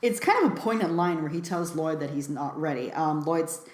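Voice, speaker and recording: A woman's voice: sits low, expressive, moderate pace, echoey room. A woman giving a casual film review, talking chattily with lots of fillers and frequent laughs.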